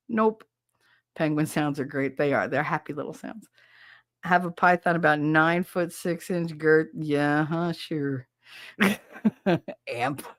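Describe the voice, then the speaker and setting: A middle-aged New woman hosts a loose, chatty show, laughing a lot and cursing without a second thought. Her voice sits on the low side, recorded dry and close with no room sound. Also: no room sound. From North Jersey. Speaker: podcast host. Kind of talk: casual chat reading live comments.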